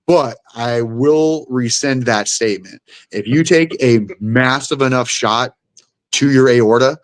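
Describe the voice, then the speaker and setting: A man's voice: medium pitch, measured pace, dry recording. A young man, a guest fighter, telling a fight story in casual chat. He swears freely and acts out the blows with sound effects.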